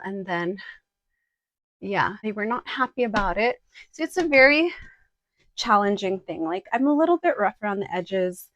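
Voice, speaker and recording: A woman's voice: medium pitch, animated, moderate pace, long pauses, a bit bright, lo-fi sound. A young woman chatting casually through a clothing try-on, direct and full of fillers. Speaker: vlogger. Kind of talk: casual try-on haul chat.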